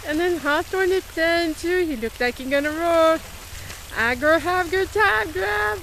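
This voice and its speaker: A woman's voice: very high voice, animated, unhurried, a bit bright, slight background noise, rough recording. A woman filming her horses outdoors, cooing and exclaiming at them. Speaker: horse owner. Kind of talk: casual filming of her animals.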